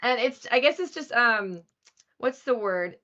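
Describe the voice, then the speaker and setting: Bright, effusive woman voice actor. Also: a little high, animated, measured pace, muffled recording. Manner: effusive, laughing, self-deprecating. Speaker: voice actor guest. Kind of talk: casual interview chat.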